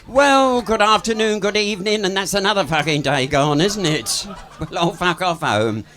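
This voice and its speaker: A pub comedian and singer performs live patter onstage, swearing freely, laughing at his own jokes and keeping things chatty and bawdy. He has a high voice with a fairly bright tone and speaks at normal speed.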